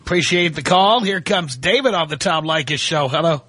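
A male talk radio host taking calls, with brisk, wry reactions. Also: a little high, expressive, sharp tone, slightly rough, dry recording. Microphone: studio microphone.

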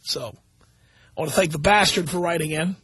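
Sarcastic husky-voiced male radio host. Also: on the high side, fairly quick, a bit bright, no room sound. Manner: sarcastic, mocking, spells out errors letter by letter. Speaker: radio talk show host. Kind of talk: talk radio monologue reading listener mail. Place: radio studio.

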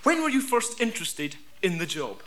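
A man's voice: high-pitched, sing-song, normal speed, heavy background noise. A Scottish man playing a falsely sweet male job interviewer with a gushing, mock-polite manner. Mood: mock-nice. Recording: live audience laughing.

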